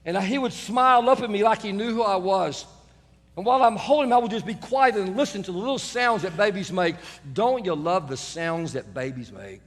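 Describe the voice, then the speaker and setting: A middle-aged man preaches to his congregation, with a light, self-mocking storytelling manner. His voice sits high for a man. A long reverb trails after his words, from a large church sanctuary. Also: lively intonation, fairly quick. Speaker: pastor. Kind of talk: sermon.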